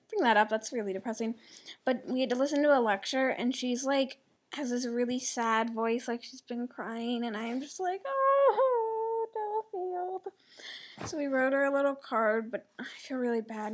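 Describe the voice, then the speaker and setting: A teenage girl rambling through a casual vlog, chatty and giggly, with a lot of "like". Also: fairly high pitch. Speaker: vlogger.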